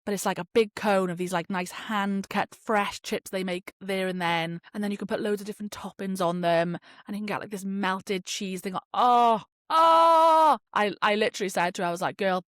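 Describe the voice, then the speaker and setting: A woman's voice: medium pitch, little pitch movement, fairly quick, hardly any pauses, no echo, clean studio sound. A woman hosting her own podcast, chatting in a rambling, sweary way with lots of fillers while she has a cold. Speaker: podcast host. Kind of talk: casual solo podcast chat.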